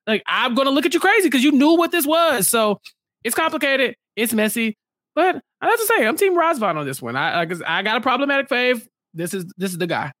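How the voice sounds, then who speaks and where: A man co-hosting a podcast in casual chat, talking in an animated, playful, slangy way and acting out what people said. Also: extremely high pitch, dry recording, studio quality. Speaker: podcast co-host.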